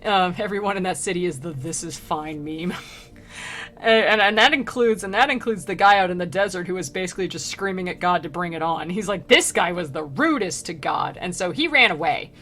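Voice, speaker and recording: A woman's voice: on the low side, fairly quick, fairly bright tone. A woman streamer reading an old poem aloud and retelling it in casual slang, laughing often.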